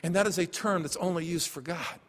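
High-voiced preacher in a reverberant hall. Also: male voice, a little fast. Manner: emphatic, swings from hushed to loud. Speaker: pastor. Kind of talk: sermon. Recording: long reverb of a large hall.

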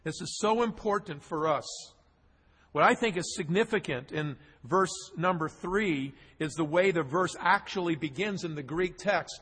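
Man, pastor, high voice, husky, emphatic repetitive preaching, long reverb, church hall. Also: fairly bright tone. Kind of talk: sermon.

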